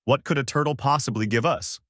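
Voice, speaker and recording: A man voicing an easily annoyed, bossy teenage girl adventurer in a fan-made story, with exasperated, shrill lines. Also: brisk, fairly bright tone, no room sound, studio quality, lightly acted.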